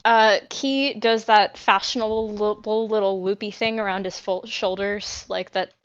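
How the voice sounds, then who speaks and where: A woman's voice: medium pitch, fairly even intonation, unhurried, highs cut off. A woman playing a tabletop game, narrating her character's actions in a rambling, hesitant way. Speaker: player.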